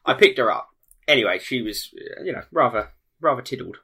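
A man tells a rambling story in casual podcast chat, laughing as he goes. His voice is bright and forward, and his pitch swings widely. Plenty of ums and restarts. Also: lively intonation, fairly quick, breathy edge. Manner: rambling, laughs often, many fillers. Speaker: podcast co-host.

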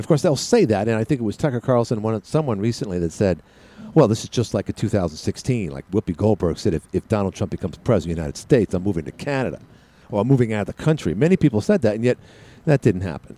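A man's voice: medium pitch, warm tone. A male radio talk show host talking solo in a studio, rambling with frequent restarts and asides. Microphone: studio mic with headset.

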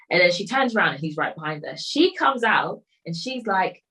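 Casual woman, lowish voice, rambling recap full of quoted lines. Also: lively intonation, normal speed, hardly any pauses, sharp tone, poor audio. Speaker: storyteller recapping a film. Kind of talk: casual chat.

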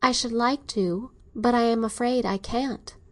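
A woman's voice: a little high, steady tone, a little slow, voice pushed up, natural voice. Catherine, a woman voicing a pleading young daughter. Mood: earnest. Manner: earnest, pleading. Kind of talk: audiobook character reading.

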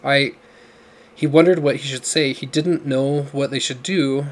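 A man's voice: mid-range voice, steady tone, normal speed. Man narrating an audiobook.

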